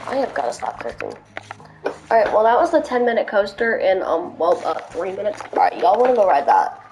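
A woman giving casual commentary over a game she is playing, goofy and quick to shout in frustration at it. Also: medium pitch, animated, slight background noise. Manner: goofy, sings made-up silly songs between remarks. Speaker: gaming video host.

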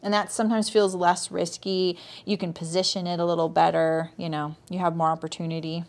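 A woman's voice: on the low side, level tone, brisk, a little mellow. A woman hosting a live sewing tutorial, talking viewers through each step in a chatty way, greeting them by name and checking in with "right?". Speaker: sewing teacher and livestream host.

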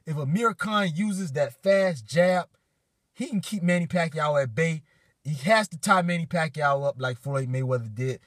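A man's voice: a little high, moderate pace, no echo, studio quality. A man reacting on his vlog in a hyped, profane rant, getting emotional and choked up. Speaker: boxing fan vlogger. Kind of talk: excited fan reaction vlog.

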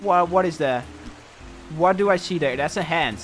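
A young man commentating his own gameplay, excitable and swinging between panic and cocky boasting. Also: on the high side, normal speed, soft background music. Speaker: gaming streamer.

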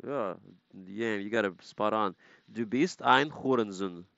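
A man's voice: fairly low pitch, unhurried, vocal fry, a bit bright, dry recording, muffled recording. A man streaming a game, casually chatting and playfully repeating foreign words to practice them. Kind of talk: casual gaming live-stream chat.

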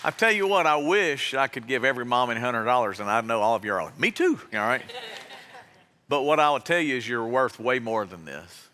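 A man's voice: medium pitch, lively intonation, a little fast, sharp tone. A man preaching as pastor, giving an earnest, heartfelt exhortation to his congregation in a church. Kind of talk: sermon. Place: church sanctuary. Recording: long reverb of a large hall.

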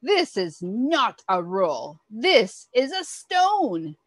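A woman's voice: mid-range voice, lively intonation, takes it slowly, no room sound. A woman voicing an angry, commanding male duke as she reads a picture book aloud to children, roaring his orders. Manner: roaring, stern and loud.

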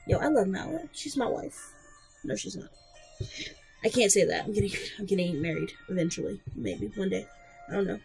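A woman's voice: medium pitch, moderate pace, creaky, pauses often, a little mellow, soft background music, rough recording. A woman giving casual, blunt gameplay commentary, joking and swearing freely. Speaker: let's play host.

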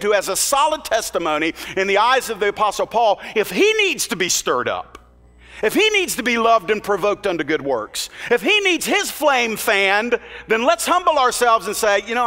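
A pastor preaches to his congregation in a bright, high-pitched voice, earnest and plain-spoken, slipping into casual asides. His sermon rings with the long reverb of a large church hall.

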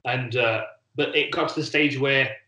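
A man chats casually on a podcast, drifting from point to point and stumbling over repeated words as he gathers his thoughts. His voice sits at a middle pitch and rings around a roomy, echoey space. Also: moderate pace. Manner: relaxed, rambling, repeats words while thinking. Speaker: podcast co-host, former fighter. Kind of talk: casual chat. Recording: echoey room.

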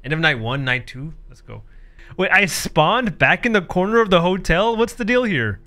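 A man's voice: high-pitched, lively intonation, normal speed, sharp tone. A man doing comedic commentary while playing a horror game, joking, sarcastic, laughing often and reading the game's text aloud. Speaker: gaming streamer.

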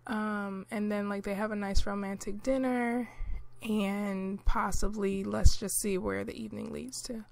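A woman narrating her life-simulation gameplay in a relaxed, chatty way, with lots of fillers, clearing her throat now and then. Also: mid-range voice, a little slow, a little hiss or hum. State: clearing throat, hiccuping and coughing. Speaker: gameplay commentator.

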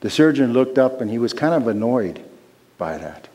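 A man pastor preaching a sermon in a church sanctuary, slow and emphatic, repeating his key phrases. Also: medium pitch, big pitch swings, warm tone. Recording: long reverb of a large hall.

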